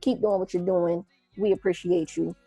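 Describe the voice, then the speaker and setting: A woman's voice: lowish voice, steady tone, normal speed, vocal fry, dark tone, breathy edge, dry recording, soft background music. A woman interviewer speaking earnestly and encouragingly to her guests. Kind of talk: casual interview chat.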